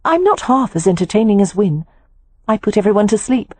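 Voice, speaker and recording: A woman reading an audiobook voices a lively, forthright young woman who talks in a high, eager, insistent way. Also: brisk, dry recording. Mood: eager, playful.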